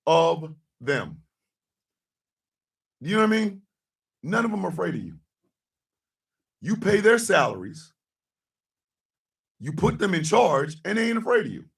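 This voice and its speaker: A man hosting a radio show, ranting angrily and sarcastically about politics, swearing and often shouting. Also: sits high, very animated, measured pace, creaky, long pauses, far from the mic. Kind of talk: angry political rant.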